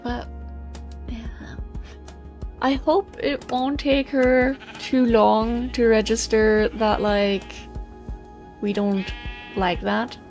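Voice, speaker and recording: A woman's voice: a little high, fairly even intonation, very slow, pauses often, darkish tone, soft background music. A young woman hosting a game let's play, chatting and rambling through stories while she plays. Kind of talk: casual gaming commentary.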